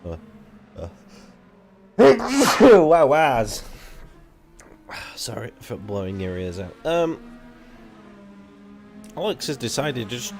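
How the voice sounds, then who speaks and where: A young man commentating an online racing league live, rambling and casual, swearing freely and jumping up when the action heats up. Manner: excitable, rambling, swears casually, jumps to high excited pitch.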